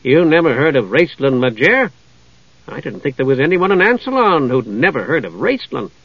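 Guy doing a hyper little kender, squeaky and chattering, dull dry recording. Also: normal speed, husky, no echo, exaggerated voice. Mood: stunned. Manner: eager, rambling, shrill when excited. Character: excitable chatty male kender adventurer.

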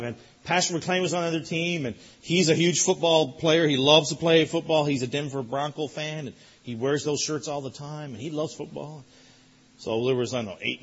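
A man preaching a sermon as a pastor, telling a lively story that builds in excitement. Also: fairly high pitch, slightly rough, dull audio. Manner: animated storytelling, rising loud in excitement.

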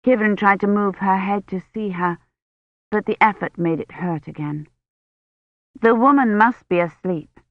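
A woman narrates a novel in a measured, even storytelling voice of middling pitch. The recording is close and dry, with slightly muffled sound. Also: no room sound. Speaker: audiobook narrator. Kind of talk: scripted narration. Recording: dull, slightly muffled studio audio.

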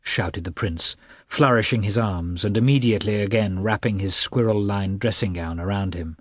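A man narrating a classic novel as an audiobook, with an expressive, measured reading. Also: lowish voice, husky, dry recording, studio quality.

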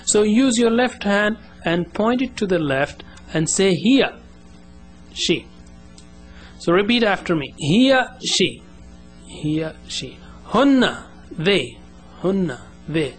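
Man teaching Arabic in deliberate drills. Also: sits high, animated, faint music behind. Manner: slow, deliberate, drills words for repetition. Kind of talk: beginner language lesson.

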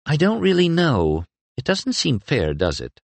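Man voicing a gentle young woman, soft, reassuring, raised pitch, lively lilt. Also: a little slow, creaky, no room sound, full character voice.

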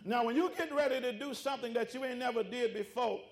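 A man's voice: very high voice, fast talker. A man preaching a sermon, calling out to his congregation, with rhythmic repetition and informal vernacular speech. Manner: preaching with call-outs to the congregation. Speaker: pastor.

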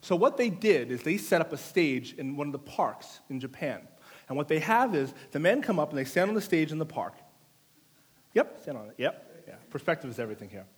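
Animated high-voiced male preacher. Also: fairly quick, husky. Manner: playful, teases the congregation; animated storytelling with audience participation. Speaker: pastor. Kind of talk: sermon.

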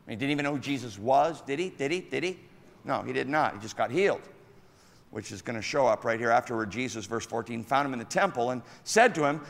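Man, pastor, sermon, gravelly voice, echoey hall. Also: medium pitch. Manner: animated, calls out to the congregation.

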